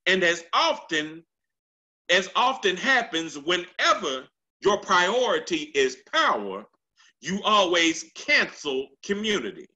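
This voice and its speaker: A man's voice: sits high, very animated, sharp tone, highs cut off. A man preaching a Sunday sermon in church, repeating lines for emphasis and stretching out scripture quotes. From United States. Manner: drawn-out, swooping delivery on quoted scripture. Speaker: pastor. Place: church sanctuary. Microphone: handheld microphone.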